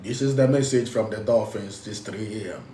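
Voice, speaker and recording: A man's voice: lowish voice, normal speed, mellow, roomy sound, recorded from a distance, a little hiss or hum. A man with a Ghanaian accent, speaking as a spiritual teacher, emphatic and repetitive, switching between English and local phrases. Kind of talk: preaching talk.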